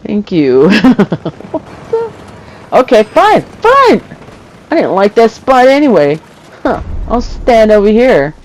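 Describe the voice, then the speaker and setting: Male gamer, joking commentary, high voice, slow unhurried delivery. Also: wildly swooping pitch, darkish tone, poor audio. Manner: jokey, chuckles often, talks back to the game. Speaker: gamer narrating his play. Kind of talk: casual gameplay commentary.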